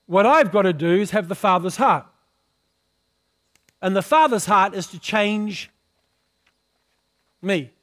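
A man preaching a sermon in a high, light voice and a slow, deliberate delivery. He often stops to question the congregation and draw out an amen, and he clears his throat from time to time. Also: fairly bright tone. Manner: calls for responses from the congregation, often asks questions. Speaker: pastor.

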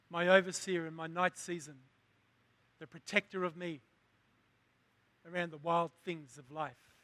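A man's voice: on the high side, level tone, a little slow, pauses often, bright, forceful tone, no echo. A man preaching a sermon, asking the congregation questions and building to emphatic lines. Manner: call-and-response preaching, rising to emphatic.

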